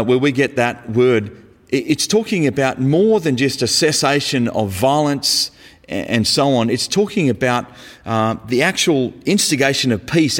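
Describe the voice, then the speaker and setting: A man preaching a sermon in a conversational, emphatic way, sometimes dropping casual slang. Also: medium pitch. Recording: echoey hall.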